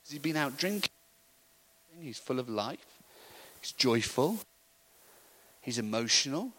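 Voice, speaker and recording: A middle-aged man telling an animated story in a sermon, acting out the voices of the people in it. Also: mid-range voice, a little slow, poor audio. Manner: animated storytelling, acts out voices, laughs often. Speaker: preacher. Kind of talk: sermon anecdote.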